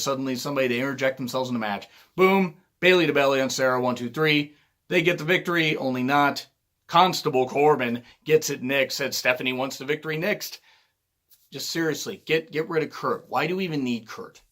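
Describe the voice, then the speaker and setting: A man in a loud, angry rant, voice sitting at an ordinary middle pitch. He talks in a heated, profane flow and keeps his anger up throughout. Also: fairly quick. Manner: loud, heated, swearing often. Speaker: wrestling show reviewer.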